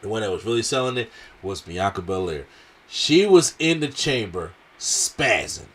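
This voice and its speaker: A man's voice: lowish voice, lively intonation, moderate pace, breathy edge. A man reviewing a wrestling show in casual slangy talk, with a strained throat, acting out what the wrestlers said.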